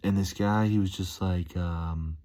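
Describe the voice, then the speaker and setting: A man's voice: deep voice, fairly even intonation, measured pace, warm tone. A man talking casually to his viewers in a rambling, playful, enthusiastic vlog monologue, chuckling as he goes. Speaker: vlogger. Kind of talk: casual upbeat monologue to camera.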